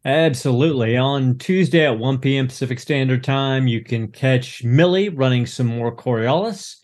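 Mid-pitched man giving show announcements. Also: moderate pace, darkish tone. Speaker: player and channel organizer.

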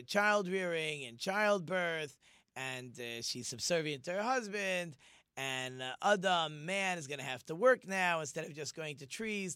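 A man teaching an informal Torah lesson, animated and acting out the quoted speech of the figures he discusses. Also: a little high, dry recording, studio quality. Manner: animated, acts out quoted speech in different voices.

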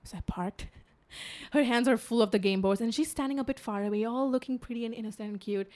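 Young woman in her twenties, casual podcast chat, animated storytelling, fairly high voice. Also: fast. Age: 20s. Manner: animated storytelling, swearing, laughing.

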